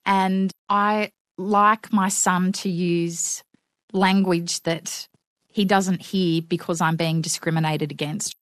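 A woman's voice: lowish voice, steady tone, takes it slowly, fairly bright tone, no echo, clean studio sound. A middle-aged woman, a guest in an interview, talking frankly with wry humour and acting out what others said. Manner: frank, wry storytelling with acted-out quotes. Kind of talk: conversational interview.

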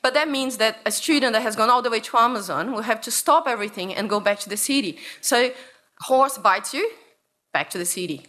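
A woman from Brazil giving an animated, playful storytelling talk to an audience about her research. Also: fairly high pitch, fairly quick. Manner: animated, playful, acts out voices. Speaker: researcher and speaker.

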